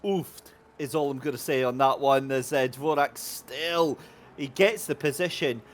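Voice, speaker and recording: A man commentating a sim race, excitable and jokey as he banters with his co-host. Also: medium pitch, unhurried.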